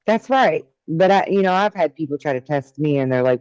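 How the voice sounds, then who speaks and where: A woman's voice: deep voice, animated, fairly quick, few pauses, darkish tone, smooth, dry recording, muffled recording. A woman from Arkansas with a Southern US accent, co-hosting a casual talk show in an earnest, spiritual manner. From Arkansas, USA. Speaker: podcast co-host. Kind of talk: casual chat.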